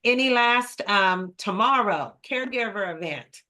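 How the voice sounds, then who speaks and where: A woman's voice: mid-range voice, lively intonation, unhurried, pushed and bright. A woman facilitating an online meeting, speaking with many ums and easy laughter. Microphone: video call.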